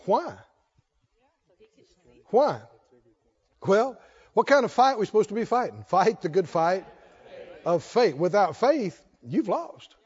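A male pastor preaches with a high-pitched voice, trading call and response with his congregation. He swings from quiet reasoning to loud cries. The recording is dull and muffled. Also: very animated, slow pace, pauses often, husky, big-room sound. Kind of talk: sermon.

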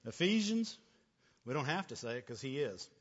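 A man's voice: mid-range voice, big pitch swings, normal speed, breathy edge. A man preaching a sermon as pastor, punctuating his points with "right?" and "amen?", often stammering and laughing. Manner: repetitive call-and-response, frequent "right?" and "amen?". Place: church hall. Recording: long church reverb, dull lo-fi sound.

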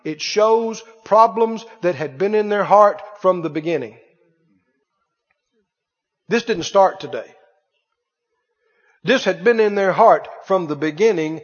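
A man preaching a sermon, swinging between hushed and loud and asking rhetorical questions. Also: high voice, unhurried, pauses often. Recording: dull reverberant hall sound.

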